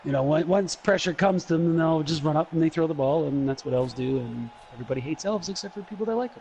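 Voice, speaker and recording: A man's voice: a little high, quick pace, creaky, a little mellow. Regular guy breaking down game tactics, faint noise behind. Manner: explaining strategy plainly. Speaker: commentator. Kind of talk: casual game commentary.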